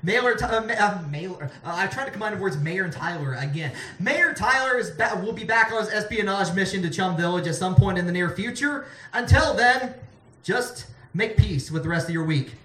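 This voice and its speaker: A high-voiced man hosts a comedy night and reads a silly story with mock drama. He is heard from a distance, and his voice rings around an echoey room. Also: expressive, moderate pace, bright, forceful tone, slight background noise. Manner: mock-dramatic, laughing through lines. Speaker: comedy show host. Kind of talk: comic reading of a silly story.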